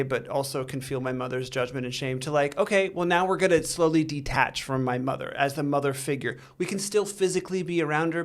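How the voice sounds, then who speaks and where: Earnest man telling a halting story. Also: a little high. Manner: earnest, halting, with many restarts. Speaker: interview guest. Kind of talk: candid storytelling in a recovery interview.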